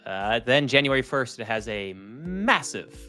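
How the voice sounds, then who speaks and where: A man's voice: mid-range voice, very animated, unhurried, pushed and bright, soft background music. A man from Maine with a light Maine accent, co-hosting a casual crypto chat and joking around. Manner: joking, slips into folksy drawl. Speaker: co-host.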